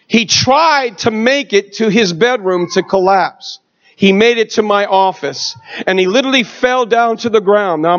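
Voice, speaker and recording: Middle-aged male preacher, high lively voice, unhurried, shouts then hushes. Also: lo-fi sound. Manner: swings from shouting to hushed storytelling. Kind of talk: sermon testimony.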